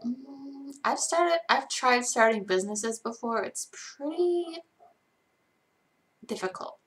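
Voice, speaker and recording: A young woman casually answering chat questions on a live stream, hesitant, with frequent ums and pauses. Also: high voice, animated, fairly bright tone.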